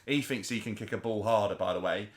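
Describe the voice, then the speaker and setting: A man, co-hosting a podcast and telling a story in an animated, chatty way. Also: on the low side, fast. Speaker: podcast co-host. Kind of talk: casual storytelling chat.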